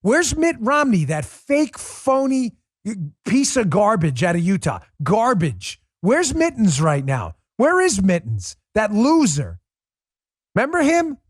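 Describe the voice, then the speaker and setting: A man's voice: high voice, huge pitch swings, takes it slowly, no echo, clean studio sound. A middle-aged man hosting a political commentary show, delivering a heated, scornful monologue full of insults and repetition.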